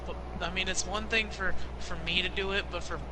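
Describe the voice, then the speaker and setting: A man's voice: high-pitched, steady tone, a little fast, noisy background. A young man bantering on a game stream, sarcastic and argumentative, swearing freely. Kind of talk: casual banter while gaming.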